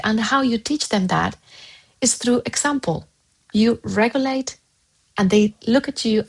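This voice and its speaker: A woman's voice: mid-range voice, creaky, slightly rough, low-quality recording. A woman parent coach giving earnest, emphatic advice straight to the viewer, often repeating her key points. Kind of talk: direct advice to camera.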